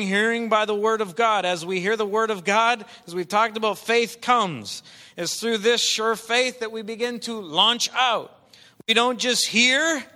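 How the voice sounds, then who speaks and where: A male preacher delivering an impassioned sermon, swinging from quiet talk to shouting. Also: sits high. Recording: long hall reverb.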